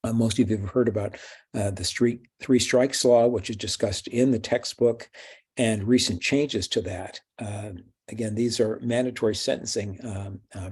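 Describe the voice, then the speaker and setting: A man giving a recorded law lecture, halting often with fillers and restarts. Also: lowish voice, darkish tone, slightly rough.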